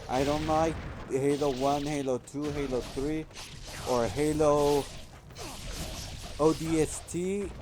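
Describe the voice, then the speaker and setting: A man's voice: mid-range voice, noisy background. A man doing casual gameplay commentary as a let's play host, rambling and correcting himself as he goes. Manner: rambling, self-correcting storyteller. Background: game music playing.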